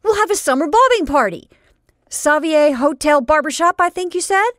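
A woman reading a story aloud and voicing a brash, teasing teenage boy with an eager, loud delivery. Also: fairly high pitch, sing-song, slow, no room sound, clean studio sound, pitched above the performer's own voice, exaggerated voice.

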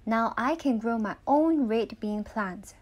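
Cheerful storybook girl, high and bright, played by a woman reader. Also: takes it slowly. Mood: excited. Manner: bright and excited, sings "la la la". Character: cheerful young girl gardener, eager.

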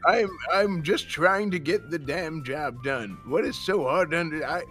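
A man's voice: on the high side, normal speed, music in the background, close to an everyday voice. A man doing a cursing old grump. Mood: grumbling. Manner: cursing, ranting, yelling in bursts. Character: cranky old husband, hot-tempered grump.

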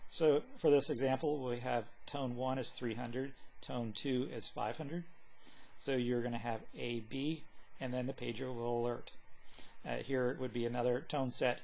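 Plainspoken man explaining software settings. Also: mid-range voice. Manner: plainspoken, many ums and uhs. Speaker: radio equipment technician. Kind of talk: screen-recorded software tutorial.

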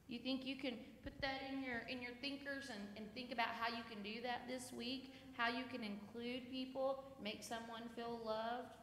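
A woman leading children's time in church, gently and animatedly telling the children a story. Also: fairly high pitch. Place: church sanctuary. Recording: echoey church hall, faint noise.

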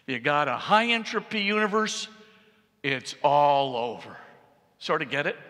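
A middle-aged man, a priest, giving an animated public lecture and often checking with the audience. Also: a little high. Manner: animated, repeats for emphasis, asks the audience "right?". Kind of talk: public lecture on science and faith. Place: large church. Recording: long reverb in a church hall.

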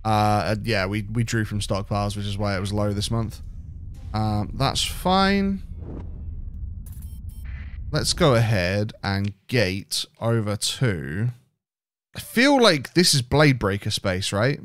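A man's voice: fairly low pitch, animated, takes it slowly, a bit bright. Rambling British man playing a game. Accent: British English. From Britain. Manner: rambling, thinks aloud with restarts. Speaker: game streamer. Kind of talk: casual let's-play commentary.

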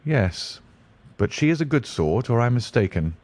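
A man voicing a brilliant, dreamy detective who speaks deliberately and muses aloud. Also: mid-range voice, very animated, darkish tone, dry recording, pitched above the performer's own voice, lightly acted. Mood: musing. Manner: deliberate, musing.

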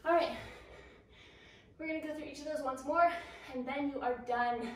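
A woman's voice: high voice, normal speed, recorded from a distance, slight background noise. A woman coaching a home workout, out of breath, encouraging and counting down reps. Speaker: fitness instructor. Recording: echoey room, voice from off the mic.

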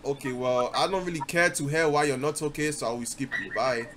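A man's voice: medium pitch, brisk, crowd noise. A young man from New York, a livestreamer teasing strangers on a video chat app with mocking, playful jabs. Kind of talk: prank video chat banter.

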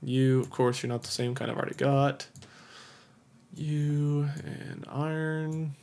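A man's voice: mid-range voice, steady tone, slow pace, darkish tone, a little hiss or hum. A young man doing let's play commentary, goofy and self-mocking, talking to himself and to the game's creatures. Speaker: gameplay commentator. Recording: game music behind voice.

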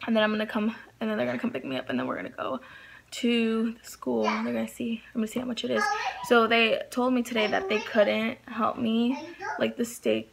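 A woman's voice: on the high side, brisk, gravelly, noisy background. A young woman vlogging casually into her phone, rambling and hesitant with many fillers, sounding sick and down. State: feeling sick and down. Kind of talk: casual vlog chat.

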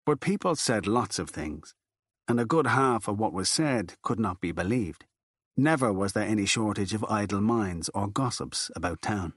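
A man narrating a literary novel in a steady, measured audiobook reading. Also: fairly low pitch, no room sound, studio quality. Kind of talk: scripted narration.

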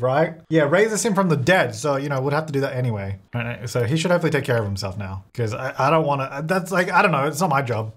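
A man's voice: a little high, a bit bright. A young man giving casual commentary while playing a life-sim game, chatty and reacting aloud with frequent laughs.

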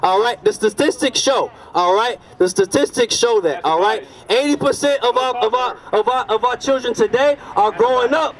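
A man's voice: extremely high pitch, normal speed, few pauses, a crowd in the background. A man preaching an emphatic outdoor street sermon, repeatedly checking that his listeners understand. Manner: emphatic, repeats "you understand" and "all right". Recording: distant outdoor street recording.

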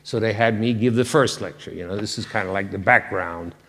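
A man's voice: fairly low pitch, a little fast, a bit bright, slightly rough. An older man giving a public lecture, wry and conversational, with a self-deprecating humor. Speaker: guest lecturer. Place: large lecture hall. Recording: reverberant lecture hall.

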